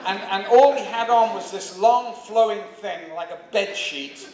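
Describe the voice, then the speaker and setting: Older man from England, unhurried and theatrical anecdote teller, heard from afar in a big reverberant hall. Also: high-pitched. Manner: animated storyteller, acting out other voices. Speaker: actor telling stories at a fan convention Q&A. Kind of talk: anecdote to a live audience. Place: convention hall stage. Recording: echoey hall, mic from a distance, crowd laughing. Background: audience laughter.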